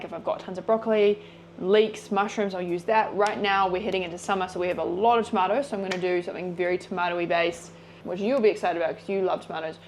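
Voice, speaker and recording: A woman's voice: medium pitch, slight background noise. A woman talking casually through a home cooking vlog, chatty and upbeat with a self-teasing streak. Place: home kitchen.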